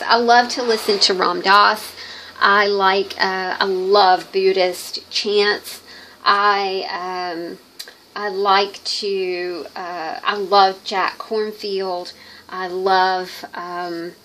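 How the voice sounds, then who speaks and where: Middle-aged woman craft vlogger, bright gravelly voice, rambling and hesitant. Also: mid-range voice, rough recording. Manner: rambling, hesitant, many pauses and fillers. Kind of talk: casual chat while crafting.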